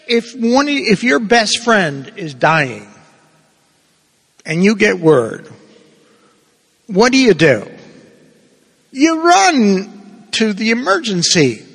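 Guy preaching in a church, storytelling style, lively up and down voice, slow and drawn out, big echoey hall. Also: high voice, husky. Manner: conversational storytelling, acting out quoted voices. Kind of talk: sermon.

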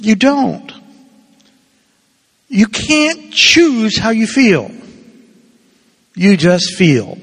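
A priest in his sixties giving a sermon, playful and animated, acting out little quotes as he goes. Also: high voice, extremely slow, long pauses, husky. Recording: reverberant hall.

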